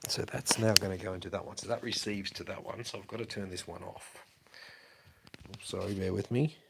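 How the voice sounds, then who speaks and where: A man's voice: low-pitched, steady tone, brisk, creaky, noisy background. A man, chatting casually and swearing as he tinkers with gear on a wireless mic while walking through his house. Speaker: livestream host. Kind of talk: casual rambling livestream talk. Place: walking around a house, down a hallway.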